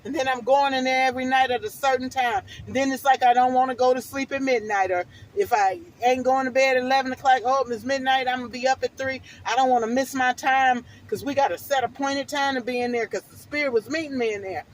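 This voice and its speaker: A woman's voice: high voice, fairly even intonation, quick pace, few pauses, slight background noise, low-quality recording. A middle-aged woman vlogger telling a personal testimony in a fervent, preachy, emphatic way.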